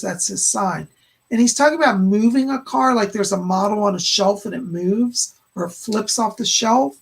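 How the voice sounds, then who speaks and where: Male psychic medium host, gravelly, husky, relays messages with constant "she said" asides. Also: high voice. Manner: relays spirit messages, frequent "he said" and "hold on". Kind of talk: live-stream psychic readings of chat questions.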